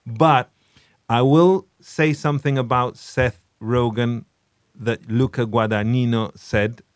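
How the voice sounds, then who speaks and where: A man's voice: mid-range voice, fairly even intonation, slow pace, dry recording, clean studio sound. A man hosting a podcast, giving casual commentary on films in a chatty, emphatic way with many restarts. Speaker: podcast host.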